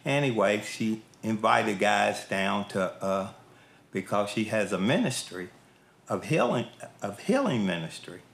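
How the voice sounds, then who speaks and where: Gravelly middle-aged man giving earnest testimony. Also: on the low side, animated, measured pace, fairly bright tone. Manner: plain-spoken, earnest, colloquial. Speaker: prison inmate giving testimony. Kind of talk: personal testimony. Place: prison. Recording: echoey room with faint music.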